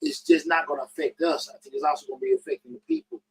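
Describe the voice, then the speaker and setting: Animated, husky-voiced man hosting a podcast. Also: very fast, dry recording, rough recording. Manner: talks in bursts with many restarts, pitch jumping up emphatically. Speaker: podcast host. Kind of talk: casual call-in podcast discussion.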